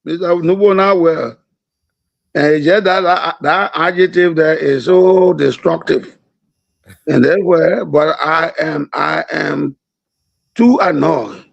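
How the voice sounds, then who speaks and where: Slow, gravelly older man. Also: fairly high pitch, no room sound, muffled recording. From Liberia. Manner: slow, deliberate, emphatic. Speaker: talk show commentator. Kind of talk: political talk show debate.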